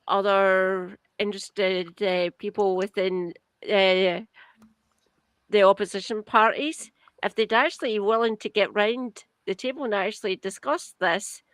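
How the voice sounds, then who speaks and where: A British woman from outside England rants on a podcast, sarcastic and swearing freely. Her voice sits at a middle pitch. The recording is dry and close. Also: clean tone, no room sound. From United Kingdom, outside England. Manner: sarcastic, swears heavily, animated rant. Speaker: podcast co-host. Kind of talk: casual political chat, ranting.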